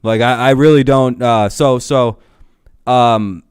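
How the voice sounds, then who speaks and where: A man's voice: medium pitch, fairly even intonation, slow pace, darkish tone, clean tone, no echo, studio quality. A young man ranting casually to his live-stream chat, swearing a lot, laughing often and getting heated.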